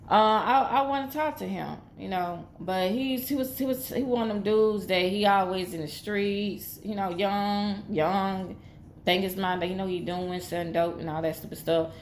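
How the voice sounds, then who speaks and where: A woman's voice: medium pitch, normal speed, a little hiss or hum. A woman telling a personal story in a rambling, repetitive, emphatic way. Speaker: vlogger.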